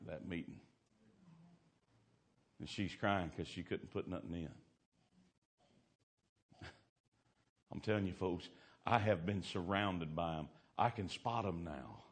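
A man preaching a sermon in a folksy, colloquial way. He swings from loud, climbing exclamations to hushed storytelling. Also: deep voice.

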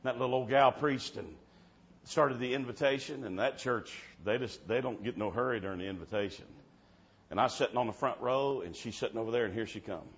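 A man preaching a revival sermon in church, telling stories and swinging from soft-spoken to shouting. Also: medium pitch, brisk. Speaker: traveling preacher. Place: church service. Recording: dull muffled sound with faint background hiss.

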